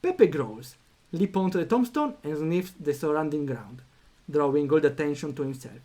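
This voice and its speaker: Higher-voiced man narrating a game. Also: moderate pace. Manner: animated, reacts out loud, thinks aloud with fillers. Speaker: streamer playing a story game. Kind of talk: reading a text game aloud with commentary.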